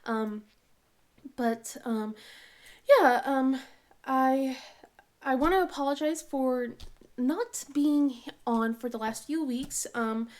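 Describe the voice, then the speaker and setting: A woman's voice: high-pitched, slow pace, long pauses, a little mellow. A woman hosting a craft channel in a casual rambling chat, sounding congested. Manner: rambling, many fillers and restarts.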